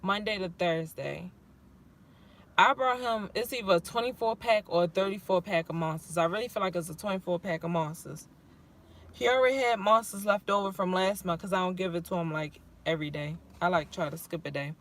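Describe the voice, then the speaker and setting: A woman's voice: fairly low pitch, a little fast. A woman caring for her father, venting on a livestream in a frustrated, rambling way, swearing often and close to tears. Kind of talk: livestream vent, reading chat.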